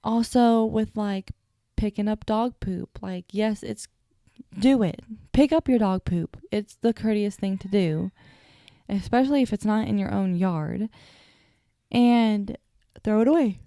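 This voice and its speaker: Young woman podcast host, sleepy, chatty and self-mocking, mellow gravelly tone, dry close sound. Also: mid-range voice, unhurried, no echo. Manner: chatty, self-deprecating, stutters at times. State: sleepy, yawning. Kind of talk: casual solo storytelling.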